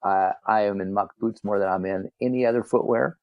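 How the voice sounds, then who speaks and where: A man's voice: on the low side, steady tone, brisk, no echo, lo-fi sound. Guy cohosting a podcast, jokey and loose, dry close mic. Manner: joking, laughs often. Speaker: podcast co-host. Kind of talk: casual banter among friends.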